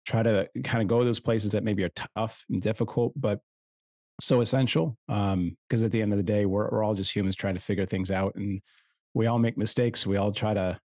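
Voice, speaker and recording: A middle-aged man co-hosts a casual podcast, thinking aloud slowly and restarting his sentences often. His voice sits low. The recording is dry and close, as from a podcast mic in a small quiet room. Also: steady tone, no room sound. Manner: reflective, halting, many restarts. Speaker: podcast co-host.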